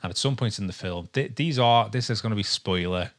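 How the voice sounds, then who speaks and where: Here a man from England talks a little fast at a fairly low pitch. It's a relaxed podcast conversation at home with a dog close by, and as co-host he meanders with frequent ums and false starts.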